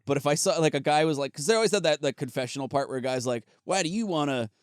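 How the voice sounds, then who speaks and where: A man co-hosting a comedy podcast, swearing freely, laughing often, and breaking into shouted mock rants. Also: fairly high pitch, rapid-fire, smooth, no echo, studio quality. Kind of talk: casual comedic banter.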